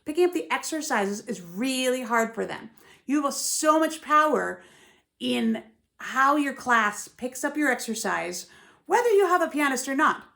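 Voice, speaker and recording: A woman's voice: high voice, very animated, measured pace, gravelly, pushed and bright. A woman who teaches ballet, giving emphatic, musical teaching tips and often checking in with "yeah?" and "right?". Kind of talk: teaching tips to camera, with sung counts.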